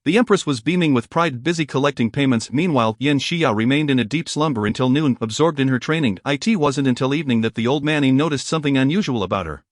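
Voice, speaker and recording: A man's voice: mid-range voice, fast, hardly any pauses, no echo. Man narrating a dry story recap.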